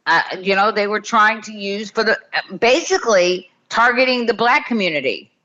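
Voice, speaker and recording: A woman co-hosting a casual political chat who jumps in with quick remarks. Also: mid-range voice, lively intonation, pushed and bright. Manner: quick interjecting, conversational. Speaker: co-host. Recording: slightly dull lo-fi audio.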